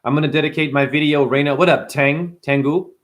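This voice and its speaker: A man hosting a casual spiritual monologue, animated and profane, full of rhetorical questions. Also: a little high, a little fast. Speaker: host.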